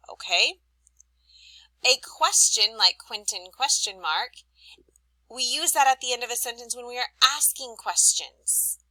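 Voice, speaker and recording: A female teacher reads examples aloud to young children during a recorded lesson, her bright, clear voice rising and falling with lots of expression. The sound is dry and close with no echo, though the recording quality is low.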